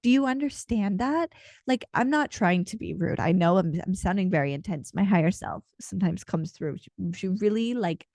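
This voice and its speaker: A woman with a mellow, warm voice talks through a channeled card reading. She speaks casually and earnestly, rambling with plenty of fillers. Her voice sounds close and dry, with no room around it. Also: on the low side, animated, normal speed, few pauses, dry recording. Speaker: intuitive card reader and channeler.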